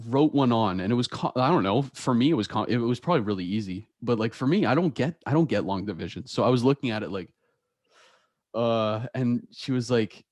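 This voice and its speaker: A man's voice: medium pitch, darkish tone, no room sound. A young man hosting a podcast, chatting casually and telling stories with a lot of laughter. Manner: laughs often, storytelling with quoted voices. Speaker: podcast host. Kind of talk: casual chat.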